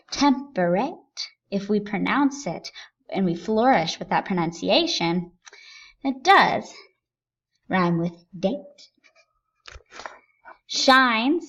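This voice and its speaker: Female teacher for a recorded lesson, unhurried and emphatic, muffled lo-fi audio. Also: medium pitch, a bit bright. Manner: deliberate, stresses key words with rising emphasis. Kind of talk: recorded lesson explaining a sonnet. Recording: dull lo-fi recording.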